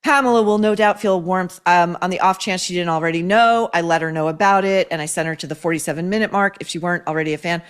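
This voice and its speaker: A woman's voice: lowish voice, fairly even intonation, fast talker, hardly any pauses, clean tone. A woman hosting a show, reading viewer mail and advice letters aloud and reacting with blunt, sarcastic commentary full of swearing. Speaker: host.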